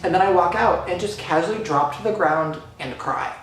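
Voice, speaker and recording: A young man vlogger excitedly retelling a fan encounter story, gushing and breathless, full of fillers. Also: high-pitched, moderate pace, a little hiss or hum. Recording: very echoey room.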